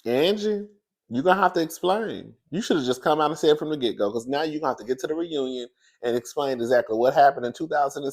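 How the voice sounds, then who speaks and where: A man dishes celebrity gossip in a loose, sassy way. He laughs often and swings between high, excited squeals and hushed, secretive whispers. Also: gravelly. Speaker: commentary host.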